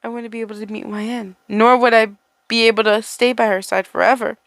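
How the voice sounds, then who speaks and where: A woman voicing a possessive, protective immortal man who mutters low, threatening lines in a fan story read aloud. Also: level tone, a little fast, gravelly. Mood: bitter.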